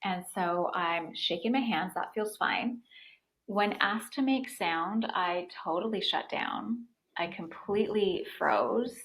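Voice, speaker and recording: A woman in her thirties telling her own story as a podcast guest, in an animated, casual way, with many "like" fillers. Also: medium pitch, takes it slowly, poor audio. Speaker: podcast guest, breathwork facilitator.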